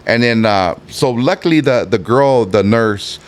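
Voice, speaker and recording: A middle-aged man with a Southern California Chicano accent, telling a profane, animated story as a podcast guest and acting out the voices in it. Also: medium pitch, measured pace, clean tone. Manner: animated, profane, acts out every voice in his stories. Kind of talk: casual storytelling in a podcast interview.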